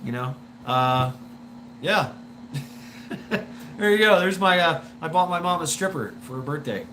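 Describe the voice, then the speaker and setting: A man's voice: a little high, lively intonation, unhurried, pushed and bright, slight background noise. A man hosting a live stream, telling a story in a rambling way with swearing, laughs and many restarts.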